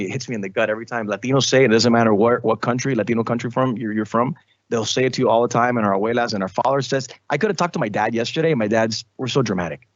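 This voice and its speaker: Low-voiced animated radio man. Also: very fast, no echo, highs cut off. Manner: animated, many restarts and repetitions. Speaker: radio host, podcast guest. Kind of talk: casual interview talk.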